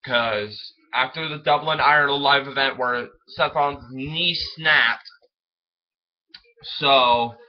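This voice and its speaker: A young man chatting casually as a fan vlogger, rambling and excitable, often stumbling over his words. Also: medium pitch, slow pace. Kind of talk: casual solo commentary. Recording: dull lo-fi home recording.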